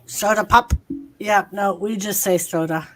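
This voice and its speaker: With faint music behind her, a Lowell-accented Massachusetts woman hosts a laid-back livestream, speaking freely and cursing a lot. Her voice is mid-range and her pace measured.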